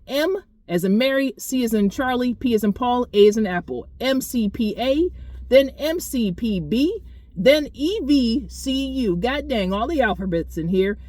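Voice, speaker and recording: A fairly high-voiced woman vlogs in a relaxed, chatty way, blunt and animated, with the odd swear word thrown in. Her voice sits close and dry, with almost no room sound around it. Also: dry recording. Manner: chatty, talks straight to viewers. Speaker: car owner vlogger. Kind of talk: casual storytelling vlog.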